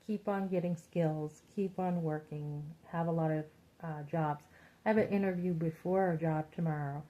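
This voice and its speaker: A woman's voice: sits low, mellow. A middle-aged woman giving a chatty, encouraging talk to other women, retelling her conversations as she goes. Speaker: Christian women's vlogger. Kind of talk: casual motivational talk. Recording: muffled lo-fi sound.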